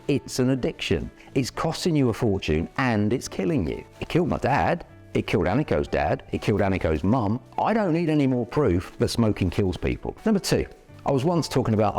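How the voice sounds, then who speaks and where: A man's voice: lowish voice, a little mellow. A middle-aged man from Yorkshire with a Northern English accent, giving a blunt motivational talk full of rhetorical questions and stories. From Yorkshire, England. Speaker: property education presenter.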